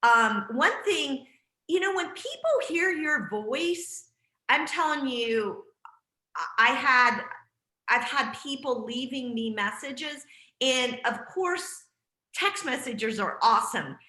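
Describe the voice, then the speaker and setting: A woman leads a group video call, encouraging everyone in a chatty, filler-heavy way. Her voice is bright and sits a little high. The audio sounds roomy, with some echo around her. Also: lively intonation, slow. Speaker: team leader hosting a group call. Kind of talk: casual group call talk.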